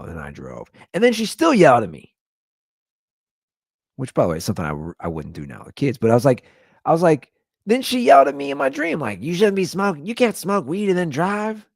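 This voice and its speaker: A man in his thirties hosting his own podcast, telling stories in a casual comedic rant and jumping into high-pitched quoted voices. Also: no room sound, studio quality. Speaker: podcast host.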